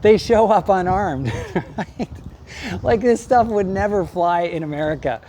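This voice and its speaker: A man's voice: high voice, expressive, a little slow, dark tone, a little hiss or hum. Chatty, rambling male movie reviewer. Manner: rambling, chatty, laughs often. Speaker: movie reviewer and acting coach. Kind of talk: casual vlog review.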